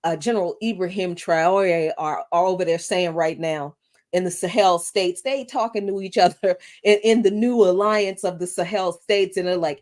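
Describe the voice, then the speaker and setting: A woman's voice: fairly low pitch, normal speed, darkish tone. A woman co-hosting a morning talk show, chatting in an amused way. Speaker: co-host. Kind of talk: casual political chat on a morning show.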